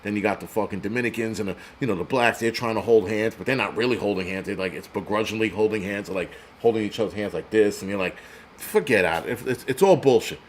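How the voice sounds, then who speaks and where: A man's voice: lowish voice, fairly even intonation, fast, few pauses, slight background noise. A man hosting a livestream, ranting bluntly and profanely with lots of fillers. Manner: blunt, profane, swaggering rant with many fillers. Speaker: host.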